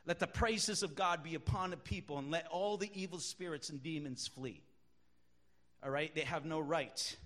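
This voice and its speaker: High-voiced, bright preaching man. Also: normal speed. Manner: emphatic preaching, swings from quiet to shouting. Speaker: pastor. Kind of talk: sermon.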